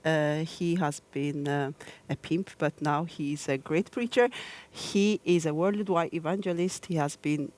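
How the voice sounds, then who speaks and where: A woman's voice: low-pitched, unhurried. Female tv host in a studio, introduces the guest, lots of little mm's while listening. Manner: warm encouraging listener, frequent "mm" affirmations. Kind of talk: studio interview hosting.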